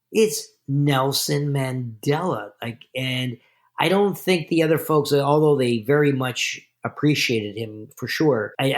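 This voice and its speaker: A man from Canada, a podcast guest, telling stories in a casual, animated interview. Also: mid-range voice, vocal fry.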